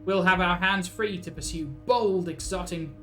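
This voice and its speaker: Man doing a smug scheming union boss, slow persuasive put-on accent, lower than his own voice. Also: bright, forceful tone, faint music behind. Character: scheming jovial middle-aged male union boss.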